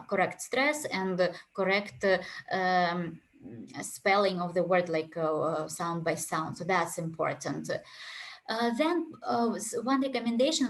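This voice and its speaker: A woman with a Ukrainian accent leads an online English exam prep class. She talks in a chatty way, full of fillers and asides, at an everyday middle pitch. She speaks into a headset mic. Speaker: English test prep teacher.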